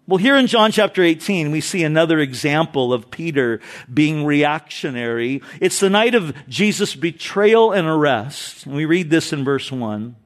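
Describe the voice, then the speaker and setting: A man preaching an expository sermon, retelling Bible stories in an animated, casual way. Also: fairly high pitch, measured pace. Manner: animated storytelling, paraphrases Bible figures casually. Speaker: pastor.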